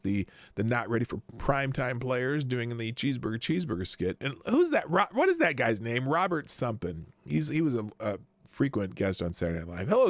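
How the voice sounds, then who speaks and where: Chatty livestream host, bright and lively. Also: male voice, medium pitch, no echo. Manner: rambling, chatty, greets viewers by name; self-interrupting, trails off mid-sentence. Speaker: livestream news show host. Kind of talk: casual livestream chat.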